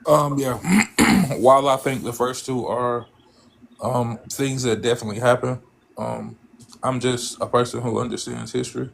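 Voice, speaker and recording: Gravelly guy on a live panel, slow and hesitant, lots of ums, faint hiss behind. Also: medium pitch, flat delivery. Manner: measured, hesitant, many ums. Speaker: panel guest.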